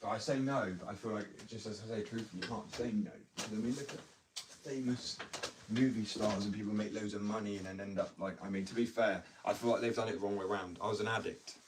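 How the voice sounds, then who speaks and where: A man's voice: on the low side, steady tone, fast, noisy background. Rambling man on a distant mic. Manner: chatty, joking, slangy, self-interrupting. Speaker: livestreamer talking about addiction. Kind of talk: casual rambling live chat.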